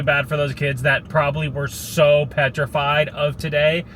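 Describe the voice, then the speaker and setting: A young man talks through a story in a loose, rambling vlog, full of restarts and filler. His voice sits a little high for a man. Faint traffic and street noise run under the recording. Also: flat delivery, normal speed, fairly bright tone. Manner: rambling, many likes and restarts. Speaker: vlogger.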